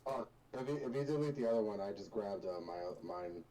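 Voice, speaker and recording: A man's voice: lowish voice, expressive, a little fast, dark tone. A man playing in an online tabletop game, chatting casually and joking with the game master. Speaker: player.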